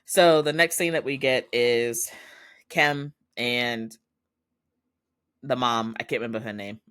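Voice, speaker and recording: A man's voice: mid-range voice, a little slow. A podcast host, a man, casually recapping a TV drama episode and acting out the characters' lines. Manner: animated retelling, acting out quoted lines and laughing often.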